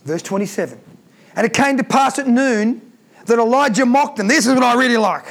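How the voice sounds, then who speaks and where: A man's voice: very high voice, animated, a little fast, a bit bright. A man preaching a sermon, reading scripture aloud and breaking off to comment with emphatic repeated phrases and rhetorical questions.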